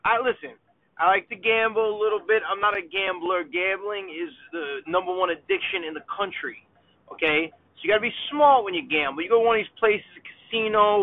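A man, ranting comically to the viewer while driving in a car, chatty and exasperated. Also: sits high. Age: 30s. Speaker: vlogger. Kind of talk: rambling comedic rant while driving. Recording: tinny phone-like sound, dry.

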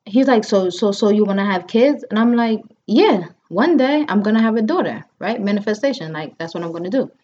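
A woman's voice: medium pitch, brisk, hardly any pauses. A woman in her thirties telling a story in casual chat, acting out the lines of the people in it and using many fillers. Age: 30s. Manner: animated, acts out quotes, frequent fillers. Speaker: podcast host. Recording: dull lo-fi sound.

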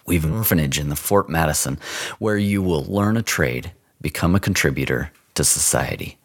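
Man doing a gruff, domineering frontier agent. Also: a bass voice, normal speed, dry recording, clean studio sound. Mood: smooth. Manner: commanding, menacing, curt orders.

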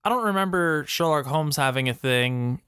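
A young man co-hosting a casual movie review podcast, talking in an animated way and slipping into mocking impressions. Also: on the high side, moderate pace, smooth, no echo, clean studio sound. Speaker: podcast co-host.

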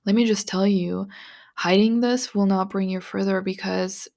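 A woman hosting a podcast, talking through spiritual advice in an earnest, confiding way, with many "like"s and soft breathy asides. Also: mid-range voice, steady tone, normal speed. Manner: earnest, confiding, full of "like" and "you know". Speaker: podcast host. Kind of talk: casual spiritual monologue.

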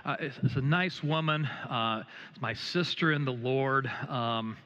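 Bright-voiced middle-aged pastor preaching. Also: male voice, medium pitch, unhurried, in a large hall, lo-fi sound. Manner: hesitant, frequent filler sounds and restarts, gently humorous. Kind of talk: sermon with personal anecdote. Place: church sanctuary.

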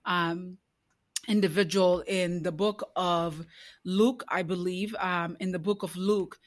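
A woman's voice: fairly low pitch, fairly even intonation, slow. A woman speaking in an interview, building into an impassioned preaching cadence with repeated rhetorical questions. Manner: many fillers and restarts. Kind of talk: conversational interview.

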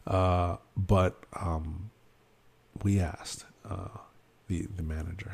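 A man's voice: low voice, steady tone, slow, creaky, a little mellow, husky. A man on a casual podcast, telling a story animatedly with lots of fillers and acted-out quotes. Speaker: podcast host. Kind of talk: casual chat.

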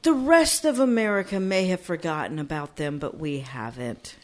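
Co-hosting a laid-back podcast chat, a woman with a low voice speaks at a moderate pace. She tells animated stories, laughing often and swearing freely.

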